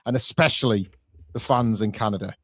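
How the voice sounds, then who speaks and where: A man co-hosting a casual podcast, animated, acting out quotes in a rising voice. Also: fairly low pitch, brisk, dry recording, studio quality. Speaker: podcast co-host.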